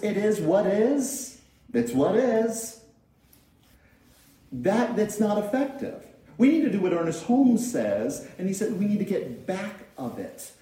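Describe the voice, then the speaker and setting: A male minister preaches a sermon in a chatty, conversational manner, often repeating phrases and acting out everyday quotes. His high, very mobile voice has a soft, mellow tone. The recording is very echoey, with strong reverb from a large hall.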